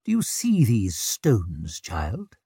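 A man's voice: fairly low pitch, huge pitch swings, dark tone, husky, no room sound, clean studio sound, exaggerated voice. A man playing a cold, stern old wizard. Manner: slow, stern, weighty. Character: old male wizard, cold, proud and impatient.

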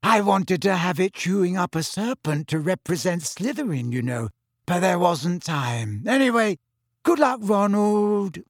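A man reading in a high, floaty voice for a dreamy teenage girl who drifts through her words. She sounds vague and pleased, and the reading is dry and close. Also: animated, unhurried, dry recording. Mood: dreamy cheerful.

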